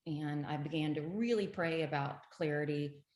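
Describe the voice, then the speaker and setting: A middle-aged woman with a low voice tells her story as an interview guest, earnest and emphatic. The sound has a roomy echo around it. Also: normal speed, darkish tone.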